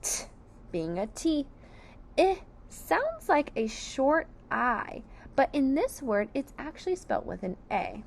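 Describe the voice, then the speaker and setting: A woman teacher slowly sounding out sight words, syllable by syllable, for young children. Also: high voice, wildly swooping pitch, a little hiss or hum. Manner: clear, deliberate sounding out of each letter. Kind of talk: slow phonics lesson.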